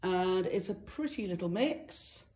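A woman with a somewhat low voice chats casually to camera about the flowers she has grown and arranged. She is warm and self-deprecating, and she laughs easily at her own asides. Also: animated, unhurried, dull audio, a little hiss or hum. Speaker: flower farmer and florist. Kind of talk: casual how-to vlog. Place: outdoors in a summer garden.

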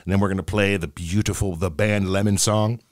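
A middle-aged man co-hosting a casual podcast, telling dad jokes in a playful, animated way. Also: sits low, a little fast, no echo, clean studio sound. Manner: jokey, animated storyteller, acts out voices in jokes.

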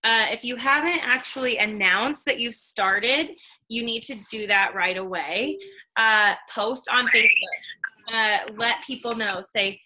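An upbeat woman coaches her team through a casual training talk on a call. Her voice is bright and sits a bit high, and she keeps things chatty and encouraging. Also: measured pace, a little hiss or hum. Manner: upbeat, chatty, lots of "like" and "okay". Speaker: business trainer.

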